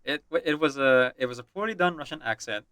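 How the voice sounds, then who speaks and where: A man's voice: medium pitch, expressive, fast, bright, forceful tone, no room sound. A man streaming, reading and voicing a game's story with chatty asides.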